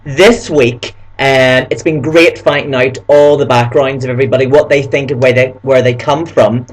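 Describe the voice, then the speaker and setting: A man's voice: medium pitch, steady tone, moderate pace, rough recording. A man from Belfast with a Northern Irish accent, chatting camply and gushingly in a casual vlog. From Northern Ireland. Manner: camp, gushing, storytelling. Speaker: vlogger presenting as a camp persona.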